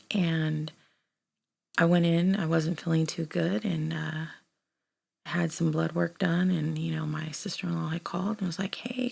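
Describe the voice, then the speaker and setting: A woman in her thirties telling a personal memoir in a casual, conversational way, often dropping to a soft half-whisper with many fillers. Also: low voice, vocal fry. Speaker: author reading and reflecting on her book. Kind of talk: casual spoken memoir reading.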